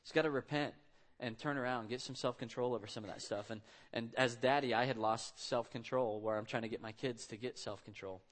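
A man's voice: mid-range voice, steady tone, brisk. A man in his thirties preaching a sermon in a conversational, storytelling way. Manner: conversational storytelling, acts out quotes. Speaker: pastor.

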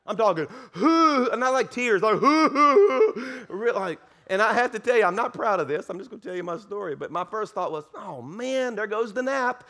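A pastor with a Southern US accent telling a lively, self-mocking story during a sermon. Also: male voice, high voice, fairly quick, hardly any pauses.

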